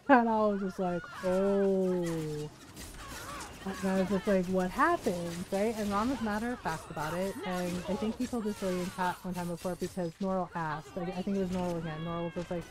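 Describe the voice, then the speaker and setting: A woman's voice: fairly low pitch, moderate pace, music in the background, low-quality recording. Chatty woman streamer telling a story. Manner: chatty, animated, quotes people in asides, laughs often. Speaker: game streamer. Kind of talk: casual storytelling chat while gaming.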